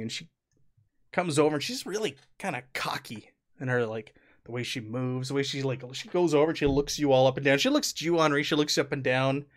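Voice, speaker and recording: A chatty man running a tabletop game as game master. His voice sits a little on the high side, and he often breaks into laughs and fillers as he describes the scene.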